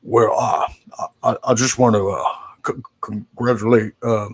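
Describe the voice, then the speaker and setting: A man putting on an impression of a halting, elderly male senator who stumbles over his words as he gives a speech. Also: on the low side, steady tone, husky. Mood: stumbling. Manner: slow, stumbling, repeated words.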